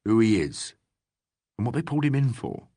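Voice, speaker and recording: A man reading an audiobook, voicing a steady, austere police sergeant with a plain-spoken manner. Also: mid-range voice, normal speed, dry recording, studio quality.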